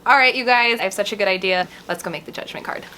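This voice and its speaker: A woman's voice: mid-range voice, fast talker, sharp tone, a little hiss or hum, poor audio. Earnest woman vlogger chatting about tarot. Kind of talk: casual vlog talk explaining a tarot card.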